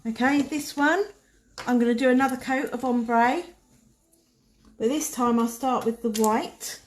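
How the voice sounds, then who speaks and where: A woman's voice: a little high, fairly even intonation, unhurried, a little hiss or hum. A woman giving a chatty, casual nail art tutorial, talking herself through each step as she paints. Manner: chatty, talks to herself while working.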